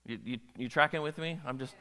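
A man preaching a sermon as a pastor, animated and often checking in with the audience. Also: mid-range voice, a little fast, big-room sound. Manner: animated, asks the audience questions.

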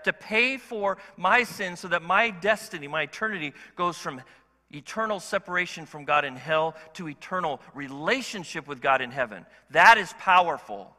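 High, sharp-voiced male pastor preaching. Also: normal speed, in a large hall. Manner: animated, conversational, asks the congregation questions. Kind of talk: sermon. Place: church sanctuary.

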